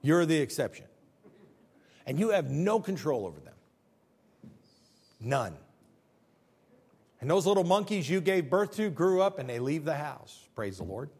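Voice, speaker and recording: Man, 50s, pastor, high-pitched, conversational sermon, humorous asides, rhetorical questions. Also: big pitch swings, measured pace, pauses often, a little mellow, husky.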